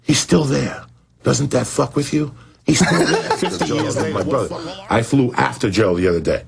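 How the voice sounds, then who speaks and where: A middle-aged man, a comedian guest, ranting and telling a story with constant swearing and bursts of shouting and laughter. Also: mid-range voice, sing-song, moderate pace, vocal fry, heavy background noise. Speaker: comedian guest on a talk show.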